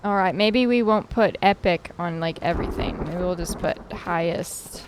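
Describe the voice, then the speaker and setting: A woman's voice: on the low side, normal speed, background noise. A young adult woman streamer giving casual, chatty gameplay commentary, swearing freely and talking to her chat.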